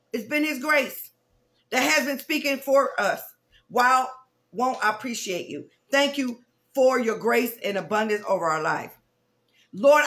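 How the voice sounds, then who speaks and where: High-voiced woman pastor, fervent preaching. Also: a bit bright. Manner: fervent, repetitive preaching with conversational asides. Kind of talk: prayer meeting sermon.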